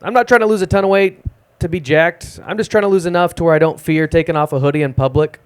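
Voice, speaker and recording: A young man doing a self-deprecating, deadpan stand-up set at an open mic in a small music club. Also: a little high, quick pace, clear, resonant tone. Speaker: stand-up comedian.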